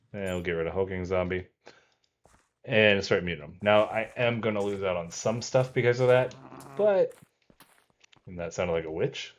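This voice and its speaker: A man casually talking through his video game session as the host, explaining each step aloud as he goes. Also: on the low side. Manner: relaxed, talks himself through tasks aloud. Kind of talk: casual let's-play commentary.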